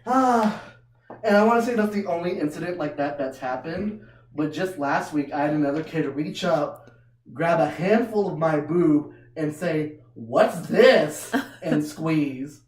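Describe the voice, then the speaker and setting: A woman's voice: sits low, measured pace, darkish tone. Woman comic, roomy distant stand-up. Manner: loose, self-mocking storytelling with frequent laughs. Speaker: stand-up comedian. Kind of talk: stand-up comedy set. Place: small comedy venue. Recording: roomy room heard from far off.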